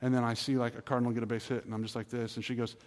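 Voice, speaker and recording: A man's voice: medium pitch, little pitch movement, rapid-fire, darkish tone. A man pastor, preaching a sermon in an earnest, pleading, conversational way with acted asides. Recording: reverberant hall.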